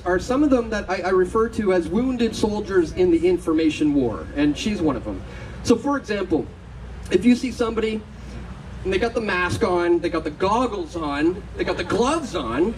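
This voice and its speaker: A man's voice: high voice, far from the mic, slight background noise, poor audio. A man giving a conference talk, telling anecdotes, acting out the voices of other people and laughing often. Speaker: conference speaker. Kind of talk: storytelling speech to an audience. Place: conference stage.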